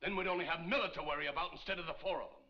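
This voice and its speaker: A man's voice: on the high side, racing, sharp tone. An actor playing a townsman who challenges the marshal in a confrontational way, in a dull old film soundtrack. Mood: accusing. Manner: accusing, confrontational.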